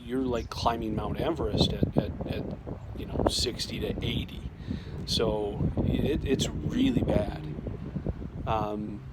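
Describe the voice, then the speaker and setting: Man telling a story over loud noise. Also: lowish voice, level tone, takes it slowly. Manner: conversational, with frequent restarts and quoted dialogue. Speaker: storyteller sharing a personal experience. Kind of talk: casual personal storytelling.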